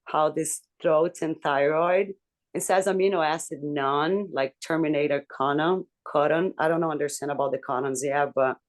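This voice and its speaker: A woman in a casual group chat, telling a personal story candidly with swearing and lots of halting restarts. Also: deep voice, steady tone. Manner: talks in halting restarts and fillers. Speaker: book club member.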